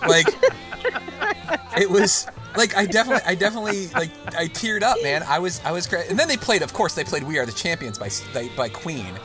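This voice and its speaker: A man hosting a casual podcast, talking at length and with strong feeling, swinging from excited outbursts to hushed, tender stretches. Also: high voice, brisk, music in the background. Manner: long-winded, emotional, swings from excited to hushed. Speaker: podcast host.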